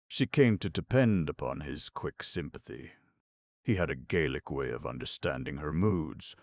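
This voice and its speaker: An audiobook narrator with a very deep, gravelly, darkish male voice reads scripted literary narration. The studio recording is clean, with no room sound.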